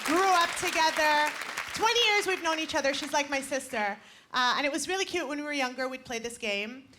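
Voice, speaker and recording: A woman's voice: high voice, brisk, a loud crowd, heavy background noise. A woman in her twenties doing punchy, self-mocking stand-up comedy on a club stage. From Canada. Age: 20s. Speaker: stand-up comic. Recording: stage mic with roaring audience. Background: loud audience laughter.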